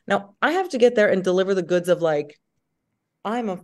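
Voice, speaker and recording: A woman in her thirties, an actress being interviewed, telling stories in an animated way and laughing through her words. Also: medium pitch, fairly quick. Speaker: actress and guest. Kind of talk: casual interview chat.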